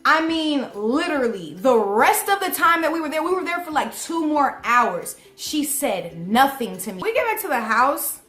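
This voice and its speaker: A young woman telling a storytime vlog in an animated, slangy and profane way. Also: high-pitched, moderate pace, few pauses, faint music behind. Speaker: vlogger. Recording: echoey room.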